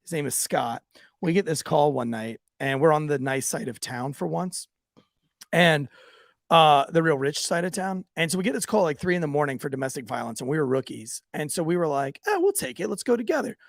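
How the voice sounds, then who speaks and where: Gravelly, profane ex-cop podcast host. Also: male voice, on the high side, fairly quick, dry recording, clean studio sound. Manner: profane, animated anecdote-telling. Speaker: podcast co-host, former police officer. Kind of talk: casual podcast chat and storytelling.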